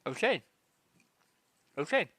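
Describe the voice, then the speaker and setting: A man running a tabletop game, narrating in a bright, forward voice. He takes his time, stopping often for ums and small restarts, and the sound is close and dry. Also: slow pace, no echo. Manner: relaxed, many ums and restarts. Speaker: game master.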